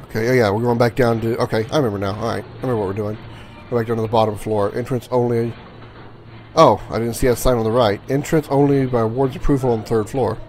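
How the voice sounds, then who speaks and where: A man's voice: medium pitch, steady tone, fast, darkish tone. A man casually commenting on his gameplay, rambling, correcting himself and swearing freely. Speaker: gaming channel host.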